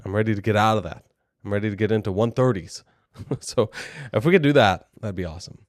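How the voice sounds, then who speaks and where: A man's voice: fairly low pitch, quick pace, dry recording, studio quality. A young adult man co-hosting a podcast, telling a story in a chatty, rambling, self-deprecating way. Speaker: podcast co-host.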